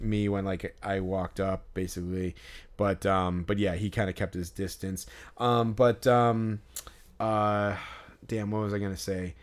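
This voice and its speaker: A man co-hosting a podcast who tells a story in casual chat, rambling with many fillers and swearing freely. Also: on the low side. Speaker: podcast co-host.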